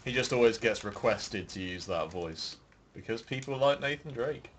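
Brief: young male gamer, mid-pitched, dry delivery, swears offhandedly. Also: expressive, moderate pace, slight background noise. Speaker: gaming show co-host. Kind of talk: casual gaming chat while playing.

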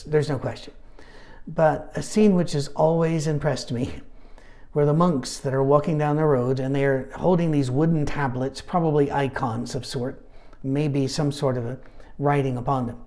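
A man's voice: fairly high pitch, dark tone. A man teaching a midweek Bible study in a chatty, anecdotal way, with humorous asides.

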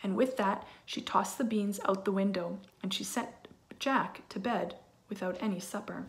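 A woman teacher reading a children's storybook aloud in an expressive way, with asides to her listeners. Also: medium pitch, normal speed.

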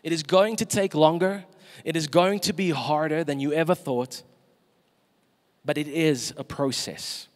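Guy preaching in church, voice a bit high, big reverb hanging after him. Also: a little slow. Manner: emphatic, asks the congregation questions. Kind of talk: sermon.

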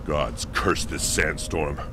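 Grim barbarian chief, very low and solemn, game cutscene. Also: male voice, takes it slowly, background noise. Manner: grave, solemn. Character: grim male barbarian exile leader.

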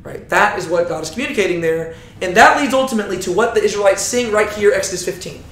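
High-voiced man teaching, roomy echo. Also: fast talker. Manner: animated storytelling, often asks "right?". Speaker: Bible teacher. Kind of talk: teaching talk.

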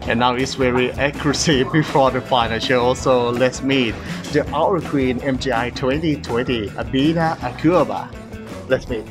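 Excited man hosting over loud music. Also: medium pitch. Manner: excited, halting broken phrasing. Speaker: show host. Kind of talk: live backstage tour.

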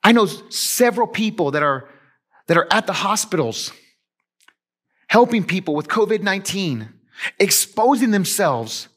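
A man preaching a sermon as pastor, conversational and animated, swinging between emphatic and hushed delivery. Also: high-pitched, normal speed, long pauses.

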